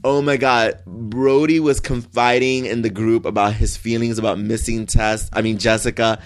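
A man talks fast and excitedly in casual chat, gushing and animated. His voice sits in a plain middle pitch and he often slips into quick impressions of characters. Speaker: soap opera fan co-host.

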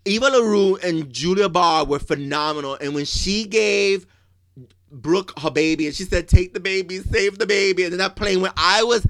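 Man, gossipy, dramatic, excitable, fairly high-pitched, casual chat. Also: moderate pace, no echo. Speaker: podcast co-host.

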